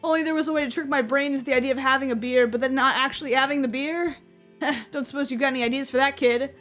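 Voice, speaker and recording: A woman plays a nervous middle-aged musician from a video game, speaking in a thick Boston accent. He sounds gruff and anxious, a recovering drinker fretting before a show. The voice sits rather high for a man, with faint music underneath. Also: fairly even intonation, fast, fairly bright tone. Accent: put-on Boston.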